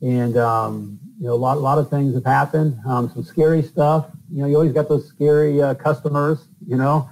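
A man's voice: mid-range voice, steady tone, normal speed, few pauses, darkish tone, poor audio. A middle-aged man from the northern US, a plumber and podcast host, telling stories in a loose, rambling way with lots of fillers. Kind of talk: casual storytelling interview.

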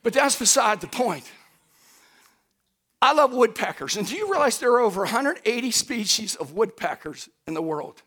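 A middle-aged pastor preaching a sermon in a folksy, animated way, talking straight to his congregation and rising to shouts at his high points. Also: moderate pace. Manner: folksy, addresses the congregation directly.

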